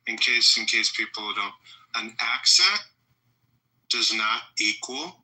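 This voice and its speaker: A man making a point in a dry, measured, lecturing way during a panel debate. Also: on the low side, lively intonation, pushed and bright, low-quality recording.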